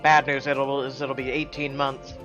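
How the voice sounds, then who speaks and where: A man voicing a friendly, easygoing young cowboy, speaking softly and in a low-key way. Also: level tone, moderate pace, faint music behind, close to an everyday voice. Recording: dull lo-fi audio.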